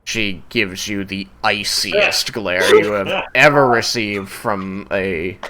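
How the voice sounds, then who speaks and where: A man narrates a tabletop game as game master. His low voice moves slowly and carefully, with frequent hesitations and fillers. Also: a loud crowd. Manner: unhurried, hesitant with many fillers.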